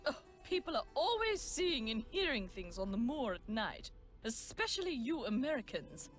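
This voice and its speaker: A woman's voice: a little high, sing-song, moderate pace, faint music behind. An actress voicing a stern, dismissive older aunt in a mystery game, her speech clipped and brusque.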